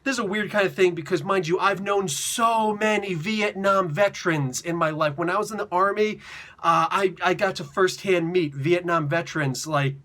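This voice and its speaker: A man in his forties reviewing a comic book in an excited, casual way, talking hyper and slangy. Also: sits high, moderate pace.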